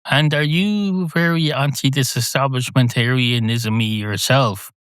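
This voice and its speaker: A man's voice: medium pitch, unhurried, fairly bright tone, clean tone, no echo, pitched above the performer's own voice, lightly acted. A man voicing an indignant, pedantic talking cat that argues at length. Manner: argumentative, long-winded.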